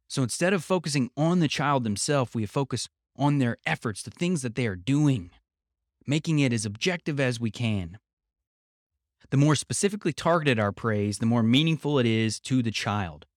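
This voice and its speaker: A man's voice: mid-range voice, dry recording, clean studio sound. A man hosting a podcast, reading passages from a book aloud and explaining them in an earnest way, restating his key points. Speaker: podcast host.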